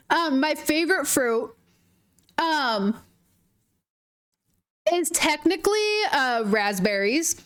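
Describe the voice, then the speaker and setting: A woman's voice: sits high, big pitch swings, slow, long pauses, fairly bright tone. A young woman from northern Minnesota with a light Minnesotan accent, chatting casually and giggling while she streams a game. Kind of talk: casual gaming stream chat.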